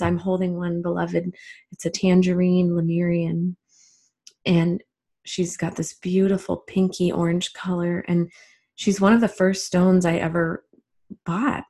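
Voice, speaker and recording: A woman with a lowish, warm, mellow voice gives a reflective spiritual talk. She speaks gently and lets her phrases stretch out unhurriedly, like a teacher guiding listeners inward. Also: husky.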